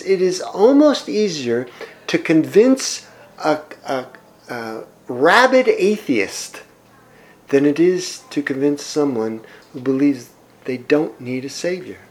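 A man preaching a sermon, reading scripture aloud and commenting on it, with emphatic swings between loud and soft. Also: a little high, poor audio. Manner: slow, emphatic preaching with wide swings in loudness. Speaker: pastor.

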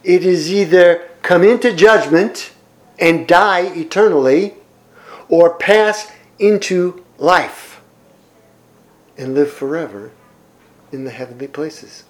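A man preaching a sermon, reading scripture aloud and commenting on it, with emphatic swings between loud and soft. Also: on the high side, rough recording. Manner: slow, emphatic preaching with wide swings in loudness. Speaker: pastor.

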